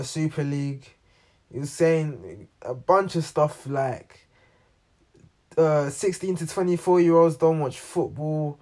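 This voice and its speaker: A man with a slightly high voice and a darkish tone hosts a football reaction channel. His commentary is casual and unscripted, rambling along with lots of ums and restarts.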